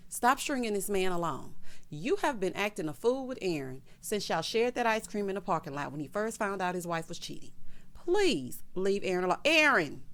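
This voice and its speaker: A woman vlogger who recaps a TV episode in casual commentary, sassy and animated, often talking straight to the characters. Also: medium pitch.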